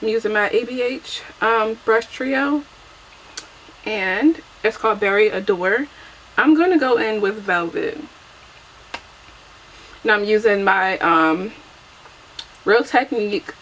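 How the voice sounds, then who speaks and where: A woman's voice: a little high, animated, a little slow, long pauses, a bit bright, slight background noise, poor audio. A young adult woman chatting casually through a get-ready-with-me makeup vlog, chatty and self-deprecating, laughing often, recorded on a camera mic at home. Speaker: beauty vlogger.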